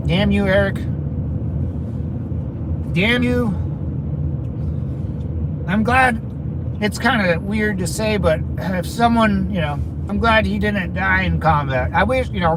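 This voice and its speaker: A man's voice: high-pitched, very noisy. Rambling man chatting while he drives. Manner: rambling, with many restarts and crude asides. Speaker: channel host chatting with viewers. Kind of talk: casual livestream chat while driving. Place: inside a car, driving around town.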